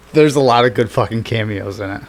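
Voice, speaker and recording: A man co-hosting a casual chat, telling a story with lots of swearing, laughter and excited reactions. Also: on the low side, normal speed. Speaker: podcast co-host.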